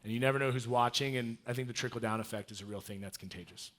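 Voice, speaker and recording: A man in his thirties giving a casual, animated storytelling talk as a guest speaker. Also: medium pitch, quick pace. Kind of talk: storytelling talk to a live audience.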